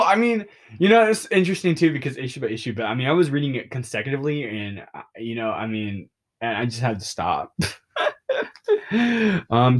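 A young adult man hosting a podcast, recapping a comic in a rambling, excitable and openly emotional way, full of fillers and restarts. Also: medium pitch. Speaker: podcast host.

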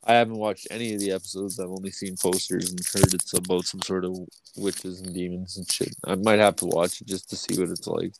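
A man's voice: low-pitched, level tone, a little fast, creaky, few pauses, noisy background. A man hosting a casual podcast, stoned and yawning, rambling with heavy swearing and frequent laughs. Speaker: podcast host. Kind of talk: casual profane chat.

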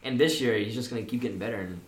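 A man co-hosting a sports podcast, enthusiastic and quick to laugh in casual chat. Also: medium pitch, echoey room, poor audio. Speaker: podcast co-host.

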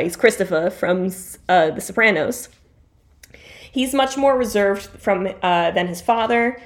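A woman co-hosting a casual podcast, chatting through a TV recap with playful asides and self-corrections. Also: medium pitch. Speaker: podcast co-host.

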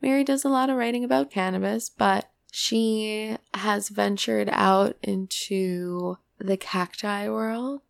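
Slow, gravelly woman hosting a podcast. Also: mid-range voice, steady tone. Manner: bubbly, gushing, laughs often. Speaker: podcast host. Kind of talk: casual podcast intro.

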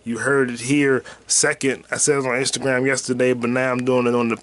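A man hosting his own podcast in loose, profane, slangy chat, with excited bursts and quiet mutters as he reads comments. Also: mid-range voice, fairly quick. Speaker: podcast host. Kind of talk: casual solo podcast chat.

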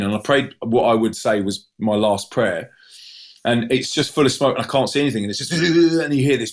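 A man telling a personal story in an animated way, stumbling over restarts and acting out other people's cries. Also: normal speed. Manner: acts out voices with sudden high yelps; many restarts and repeated words.

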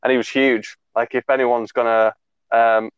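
A man's voice: medium pitch, flat delivery, normal speed, clear, resonant tone, dry recording, muffled recording. A young man in his twenties telling a long, rambling story on a podcast, laughing and swearing as he goes, full of fillers. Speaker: podcast co-host. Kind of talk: casual storytelling chat.

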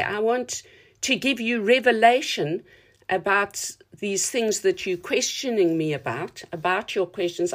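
A woman preaching a sermon in an earnest, reflective teaching tone. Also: a little high.

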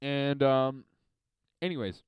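A young man from Montreal hosting a podcast alone, ranting and swearing, swinging between loud and quiet. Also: mid-range voice, slow, clean tone, no echo, lo-fi sound. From Montreal, Canada. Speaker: podcast host. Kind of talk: solo podcast rant.

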